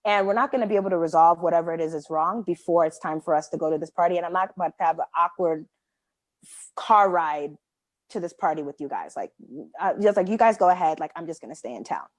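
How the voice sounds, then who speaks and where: A young adult woman co-hosting a podcast, telling a story in casual chat, animated and full of "like" fillers as she acts out what people said. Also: lowish voice, fast talker, no echo. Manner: animated, many "like" fillers, acts out quoted dialogue. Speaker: podcast co-host.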